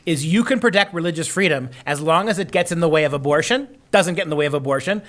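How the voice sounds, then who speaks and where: A male co-host with a higher-than-usual, bright and forceful voice. He talks in a sarcastic, teasing way and slips into mocking impressions during a casual political chat. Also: quick pace.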